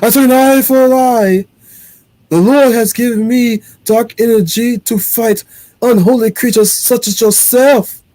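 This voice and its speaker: A man voicing a fervent priest-warrior in a deliberately poor put-on Scottish accent, high and theatrical. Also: steady tone, dark tone. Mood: zealous. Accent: Scottish, put on badly.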